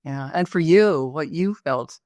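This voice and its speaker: A woman's voice: deep voice, expressive, measured pace, darkish tone, no echo. A woman interviewer in a webinar, asking brief, encouraging follow-up questions. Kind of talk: webinar conversation.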